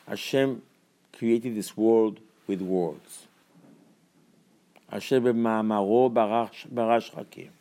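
A man preaching a Torah sermon in a voice of middle pitch. He drives his points home with repeated rhetorical questions and swings from low, quiet explanation to loud, high scolding. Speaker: rabbi.

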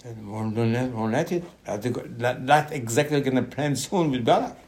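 A man giving a Torah class in animated, non-native English, often repeating his words and jumping up in pitch. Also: normal speed. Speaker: Torah teacher.

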